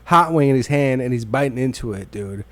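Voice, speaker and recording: A man's voice: medium pitch, expressive, a little fast, no room sound. A man hosting a podcast in casual chat, rambling, swearing freely and acting out the people in his stories. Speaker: podcast host.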